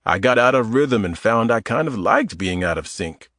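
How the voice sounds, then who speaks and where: A man's voice: fairly low pitch, lively intonation, normal speed, a bit bright, no room sound, clean studio sound. A man as a wisecracking sore middle-aged guy. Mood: joking. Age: 40s. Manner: wisecracking, self-mocking. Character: mid-forties man, stiff and sore, joking flirt.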